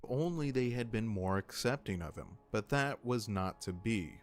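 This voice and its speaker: A man giving measured, analytical scripted narration for a lore video. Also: lowish voice, expressive.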